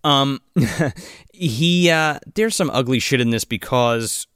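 A man's voice: medium pitch, takes it slowly, fairly bright tone, clear, resonant tone, no echo, clean studio sound. A man co-hosting a casual podcast, rambling through a movie recap, swearing often and acting out the characters' lines. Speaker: podcast co-host.

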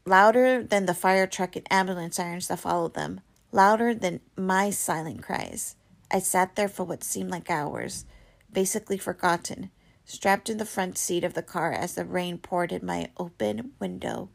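Woman reading a book out loud, lotsa vocal fry, expressive, trips on words sometimes. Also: fairly low pitch, normal speed. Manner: expressive, with small slips and restarts. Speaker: reader. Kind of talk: reading a novel aloud.

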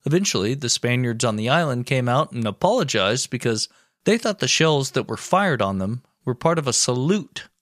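A man co-hosting a podcast, reading a history story aloud with wry, deadpan asides. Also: mid-range voice, normal speed, no room sound. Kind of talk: reading history narration with jokes.

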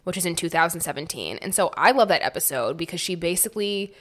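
A woman's voice: fairly low pitch, animated, fast. A woman from Connecticut co-hosting a podcast, talking bluntly and swearing freely in casual chat. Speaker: podcast co-host.

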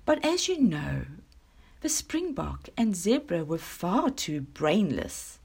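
Pompous storybook lion, male, self-important, done by a woman narrator, breathy and unhurried. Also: lowish voice, very animated, a little mellow, full character voice. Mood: haughty. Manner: pompous, slow and grand. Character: proud haughty male lion, king of animals. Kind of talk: storybook reading.

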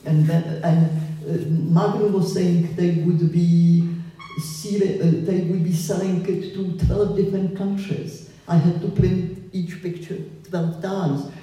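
An older woman with a foreign accent, a photographer telling her stories slowly and reflectively in a public conversation at a gallery. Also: fairly low pitch, fairly even intonation, mellow, soft background music. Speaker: photographer, guest. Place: gallery hall with an audience. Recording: echoey hall, voice from far off.

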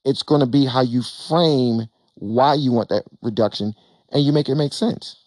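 A man who invests in real estate gives an emphatic, animated talk to an audience on a panel, repeating phrases and acting out bits of dialogue. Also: mid-range voice, moderate pace, dry recording. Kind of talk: motivational stage talk to an audience.

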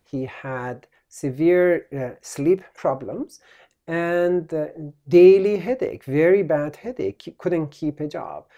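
A male physician telling a story as a podcast guest, halting and full of restarts. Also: a little high, warm tone, muffled recording. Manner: halting, with many restarts and trailing phrases.

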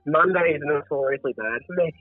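A man's voice: on the high side, a little fast. Dry-humored Australian man on a phone line. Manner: dry, joking, hesitant. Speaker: caller. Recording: tinny phone line with faint music.

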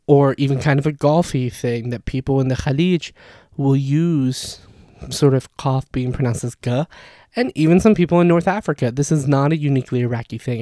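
A man talks through a topic in a relaxed, explanatory way, peppering his sentences with "like." His voice sits at an ordinary middle pitch. The recording is dry and close, with no room echo. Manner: chatty, leans heavily on "like" as filler. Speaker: Arabic dialect explainer. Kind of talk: casual explanatory talk.

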